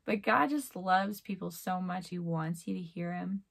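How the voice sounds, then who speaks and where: A woman with a low, gravelly voice gives a chatty devotional talk. She fills her speech with "like" and slips into a chirpy tone when she acts out prayers. The delivery is informal and conversational, not a formal sermon. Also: unhurried, few pauses. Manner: chatty, conversational, often says "like". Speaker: Christian speaker. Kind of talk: casual devotional teaching.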